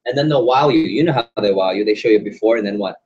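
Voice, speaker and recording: A man's voice: lowish voice, quick pace, darkish tone, husky, muffled recording. A man running an interactive sales training session, quizzing the room and acting out examples. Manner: quizzes audience, acts out examples.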